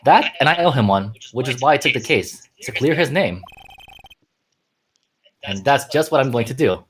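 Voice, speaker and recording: Earnest young male lawyer, voiced by a woman, low and lively, game voice-over. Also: moderate pace, a little hiss or hum. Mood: narrating. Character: earnest young male rookie defense attorney.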